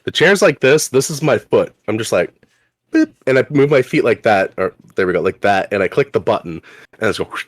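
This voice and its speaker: A young man from Canada co-hosts a loose podcast chat, talking in a somewhat low voice. He rambles through his points and laughs often, and the sound is dry and close. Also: animated, brisk, hardly any pauses, dry recording. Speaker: podcast co-host.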